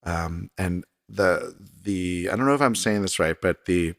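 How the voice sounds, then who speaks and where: Guy with a real low voice rambling on his podcast at his home desk, pokes fun at himself, dead dry sound. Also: unhurried, gravelly, fairly bright tone, no room sound. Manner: rambling and self-deprecating. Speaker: podcast host. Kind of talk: casual solo podcast monologue. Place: desk in a home recording room.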